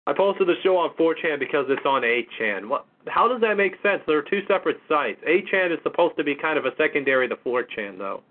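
Man, call-in host, exasperated, mocking, swears a lot, fairly high voice, tinny phone line. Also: big pitch swings, a little fast, few pauses. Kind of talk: casual call-in show talk.

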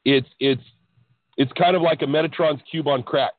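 A man, a podcast guest, telling the story of his spiritual experiences in an excitable, animated way, often restarting his sentences. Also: a little high, normal speed, no room sound. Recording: dry tinny phone-line sound.

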